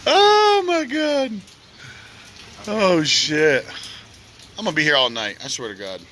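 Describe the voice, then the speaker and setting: A man from Oklahoma with an Oklahoma accent, livestreaming outdoors by a flooded street at night, giving loud, joking commentary full of slang. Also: medium pitch, very animated, normal speed, a little hiss or hum. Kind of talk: casual live commentary.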